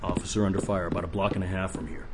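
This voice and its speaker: An actor playing a brusque police officer who is curt and commanding. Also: male voice, low-pitched, flat delivery, racing, noisy background, close to an everyday voice. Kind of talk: audio drama acting.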